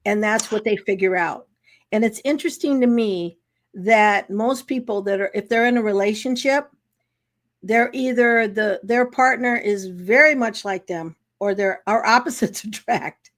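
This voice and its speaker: A woman who runs workplace behavior training, chatting in an interview and telling lively stories with frequent laughter. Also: medium pitch, a little slow. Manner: lively, laughs often, acts out anecdotes. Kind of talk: casual interview storytelling.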